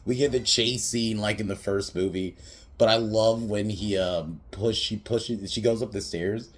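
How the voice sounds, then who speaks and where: A man with a very low voice talks through a film's scenes in a loose, unscripted podcast recap. He wanders, swears casually and keeps breaking into laughter at the jokes he retells. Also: fairly even intonation, unhurried. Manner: rambling, laughs often, swears freely, many fillers. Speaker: podcast movie reviewer.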